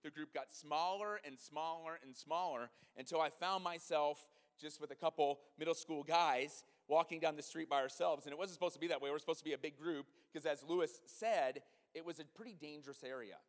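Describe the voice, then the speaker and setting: A man preaching a sermon, telling a story animatedly, dropping to a hush and then rising to loud exclamations. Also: fairly high pitch, brisk, few pauses. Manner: animated, swings from hushed to loud. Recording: long reverb of a large hall.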